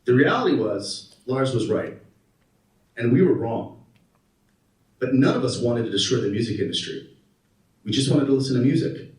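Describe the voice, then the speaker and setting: A man in his thirties giving a conference keynote, an animated storyteller who asks the audience questions. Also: mid-range voice, moderate pace, long pauses. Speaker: keynote speaker. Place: conference hall. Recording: roomy hall, mic at a distance.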